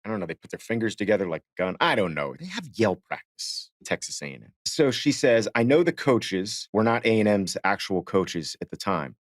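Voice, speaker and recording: A man co-hosting a podcast, telling behind-the-scenes stories in a relaxed way with frequent chuckles. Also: fairly low pitch, a little fast, few pauses, no room sound, clean studio sound. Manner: relaxed storytelling, chuckling often. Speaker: podcast co-host. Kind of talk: casual podcast chat.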